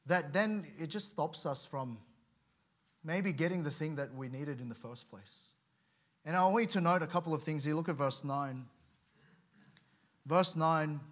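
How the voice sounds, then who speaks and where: A man's voice: a little high, a bit bright. A man preaching a sermon in an earnest way, often repeating words and restarting, with dramatic swells in volume. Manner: tells a story with dramatic rises in volume.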